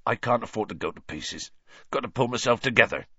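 A man voicing a huge, gruff half-giant gamekeeper who speaks in rough dialect, tearful and gloomy, for an audiobook. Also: mid-range voice, animated, fairly quick, sharp tone, dry recording, highs cut off, pitched above the performer's own voice.

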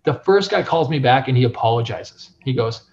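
Animated man on a dull lo-fi recording. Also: medium pitch, brisk. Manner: animated, frequent filler phrases. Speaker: print shop owner, podcast guest. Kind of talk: casual interview storytelling. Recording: dull lo-fi sound.

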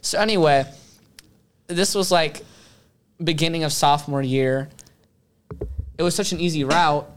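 Teen guy on a podcast, kinda high voice, acts out every quote, faint hiss behind. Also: a little slow, long pauses. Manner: animated storyteller, acts out quotes loudly. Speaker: podcast co-host. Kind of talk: casual chat.

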